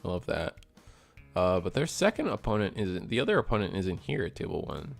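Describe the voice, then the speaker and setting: Chatty low-voiced man calling card game. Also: a little fast, gravelly, faint music behind. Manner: chatty, excitable, talks to chat. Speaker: store tournament host and commentator. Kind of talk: casual livestream play-by-play commentary.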